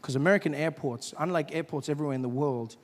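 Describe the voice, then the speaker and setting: Animated high-voiced stand-up comedian. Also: male voice, fast. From South Africa. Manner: animated, acts out shouting officials in high voices. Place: stage before a live audience. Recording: live show with audience noise.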